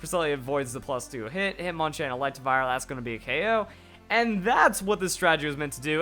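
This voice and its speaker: A man giving excited play-by-play commentary on a video game battle, his voice going hoarse. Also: on the high side, soft background music. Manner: hype, rapid play-by-play with exclamations. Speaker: gaming YouTuber.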